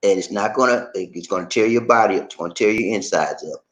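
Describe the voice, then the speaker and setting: A man hosting a livestream, chatting casually and reading viewer comments aloud in an animated, laughing, drawling way. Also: on the low side, quick pace. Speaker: livestream host.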